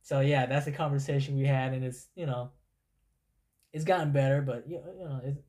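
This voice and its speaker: Man, mid pitch, animated profane storyteller in casual chat. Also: a little fast. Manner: animated, profane, acts out voices in anecdotes.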